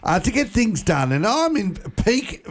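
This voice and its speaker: A man's voice: high voice, very animated, a little slow, slight background noise. A man co-hosting a breakfast radio show, joking and playfully tripping over his words. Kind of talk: comedic radio banter.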